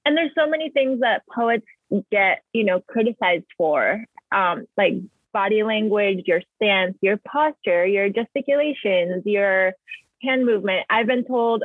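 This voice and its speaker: A woman's voice: medium pitch, a little slow, breathy edge, no room sound. A woman poet chatting casually, rambling with lots of "like" and "um". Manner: rambling, many fillers like "like" and "um". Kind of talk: casual conversation. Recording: tinny phone line, dry.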